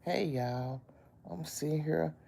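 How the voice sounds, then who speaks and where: A woman's voice: low-pitched, takes it slowly, warm tone, slight background noise. A sick woman with a chest cold, lying in bed and chatting on a phone live stream, greeting viewers by name and calling them baby. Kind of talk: casual live-stream chat.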